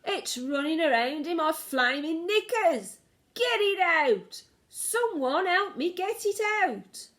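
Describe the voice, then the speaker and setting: A man's voice: big pitch swings, slow, pushed and bright, full character voice. Woman doing a screaming, panicking man. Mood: panicked screaming. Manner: high-pitched frantic screaming. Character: panicking man with a mouse in his trousers.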